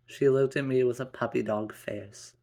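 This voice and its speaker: A man narrating a first-person family story in a halting way, with many restarts. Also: medium pitch, fairly even intonation, darkish tone.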